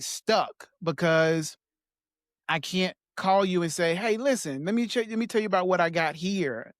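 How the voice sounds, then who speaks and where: A man as a podcast guest, talking in a soft, halting way with small laughs as he reflects on personal memories. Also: on the high side, no echo, clean studio sound.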